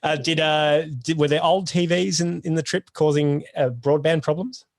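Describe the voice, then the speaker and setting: A man's voice: fairly high pitch, steady tone, normal speed, no room sound. Sardonic man, dry close sound. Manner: sardonic, jokey. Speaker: podcast host. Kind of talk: comic topical rant.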